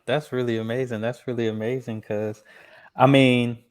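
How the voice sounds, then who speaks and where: A man's voice: mid-range voice, level tone, normal speed, darkish tone, clean tone. A young man from Texas with an American accent, hosting a casual interview with enthusiastic, rambling praise. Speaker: podcast host.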